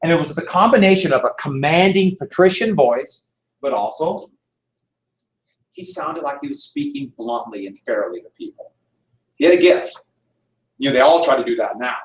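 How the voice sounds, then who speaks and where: A man lecturing on history in a lively storytelling way, acting out quotes as he goes. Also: a little high, moderate pace, long pauses. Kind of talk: classroom lecture. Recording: echoey room, mic far off.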